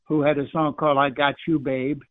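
A man's voice: fairly high pitch, little pitch movement, fairly quick, no room sound. An older man with a Californian American accent, born in Ireland, giving a rambling, hesitant phone interview with chuckles. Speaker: musician guest. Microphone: phone line. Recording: dry tinny phone line.

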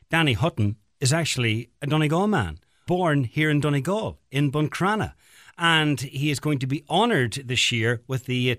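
Radio host, dry studio sound. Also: male voice, mid-range voice, a bit bright, no echo. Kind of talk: radio interview.

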